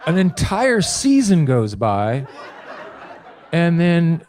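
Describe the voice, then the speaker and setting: A man as a podcast guest telling comic anecdotes, acting out quotes with lively energy. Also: on the high side, slow. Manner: animated storytelling, acts out quotes.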